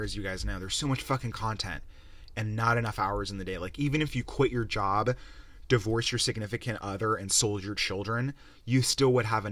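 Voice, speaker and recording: A man's voice: on the low side, a bit bright, no echo. Foul-mouthed ranting young man. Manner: profane, rambling, sarcastic. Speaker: podcast host. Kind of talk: casual rant-style review.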